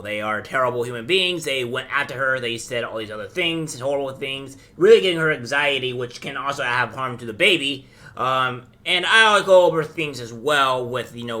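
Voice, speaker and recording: A man's voice: mid-range voice, pushed and bright. A male host giving reaction commentary on a clip, rambling with many fillers and false starts. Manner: rambling, lots of fillers and restarts.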